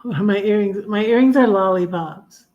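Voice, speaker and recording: A woman hosts a relaxed live stream, chatting and reading her own poems aloud. She is soft-spoken and often sinks into a quiet murmur. Her sentences halt and restart as she thinks aloud. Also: mid-range voice, lo-fi sound. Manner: halting, with frequent restarts and trailing off. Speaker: poet and blogger hosting a live stream. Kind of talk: casual live chat and poetry reading.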